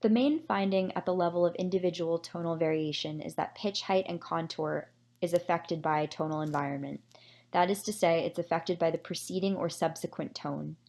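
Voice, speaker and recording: A woman presenting a summary of a research study in a measured, explanatory way, with occasional fillers. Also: lowish voice, darkish tone. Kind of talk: scripted academic presentation.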